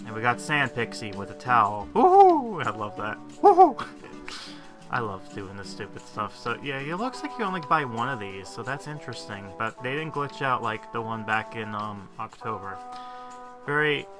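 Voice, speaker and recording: With music playing in the background, a male gaming video host commentates casually as he plays, rambling and poking fun at himself. His medium-pitched voice is expressive and moves at a normal speed, and he uses lots of fillers.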